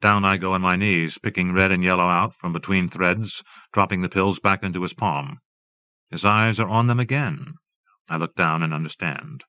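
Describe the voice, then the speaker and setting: Man, audiobook narrator, measured reading, dull lo-fi tape, dry close sound. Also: low-pitched, no echo. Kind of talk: scripted narration.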